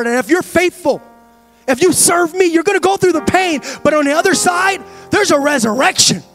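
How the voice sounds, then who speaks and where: A man preaching a sermon as pastor, swinging from quiet talk to shouted, sing-song cadences. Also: very high-pitched, expressive, a little fast, music in the background. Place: church sanctuary.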